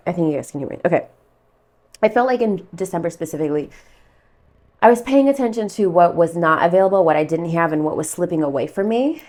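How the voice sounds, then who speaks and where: Low-voiced woman chatting through a tarot reading. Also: darkish tone. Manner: chatty, rambling, with frequent fillers and asides. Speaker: tarot reader. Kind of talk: casual tarot reading vlog.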